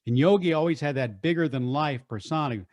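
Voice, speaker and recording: Energetic older radio man. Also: fairly high pitch, no room sound. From Texas, USA. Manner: energetic, animated, quick restarts. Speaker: radio deejay and voice artist, guest. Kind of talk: storytelling interview.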